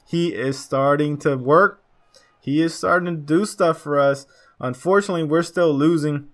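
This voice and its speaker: A young man casually commentating his football video game match for viewers, chatty and excitable, calling them boys. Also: on the high side. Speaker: gaming YouTuber. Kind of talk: gameplay commentary.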